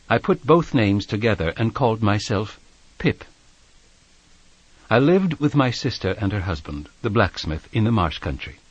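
A male audiobook narrator reads in a measured, expressive storytelling manner, his pitch moving a lot. His voice has a slightly husky grain, and the recording is close and dry. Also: no echo, muffled recording. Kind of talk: scripted narration.

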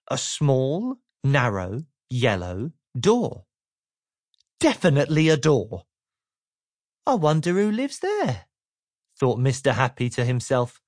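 A woman narrating a children's storybook in a slow, playful reading voice. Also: sits low, no room sound, studio quality.

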